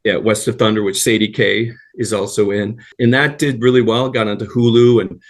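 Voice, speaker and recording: A man's voice: lowish voice, steady tone, a little fast. A man talking as a guest in a casual interview, telling long anecdotes with a rambling flow. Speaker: guest actor and writer.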